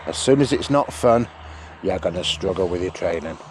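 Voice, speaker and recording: A man training a sheepdog out in a sheep field, calmly explaining each step and breaking off to call the dog in a high, loud voice. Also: normal speed, slight background noise. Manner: relaxed explaining, broken by high shouted calls to the dog. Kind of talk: outdoor training demonstration with commentary.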